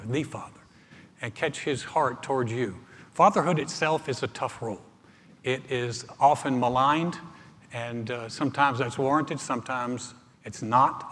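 Pastor preaching in a reverberant church. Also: male voice, medium pitch, a bit bright, a little hiss or hum. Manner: conversational, joke-telling, halting restarts. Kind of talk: live sermon. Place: church sanctuary. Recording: live church recording with long reverb.

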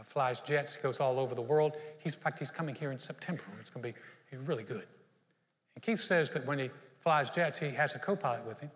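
A man's voice: fairly high pitch, big-room sound. A male pastor preaching a sermon, animatedly telling stories and acting out the dialogue. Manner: animated storytelling, acts out dialogue.

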